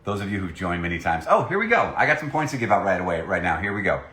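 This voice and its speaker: A man's voice: deep voice, big pitch swings, fast, pushed and bright, echoey room. A man, a voice actor, chatting playfully on a live stream while he signs autographs and reads out fan messages. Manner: playful and jokey, reading fan messages aloud. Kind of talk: casual live-stream chat.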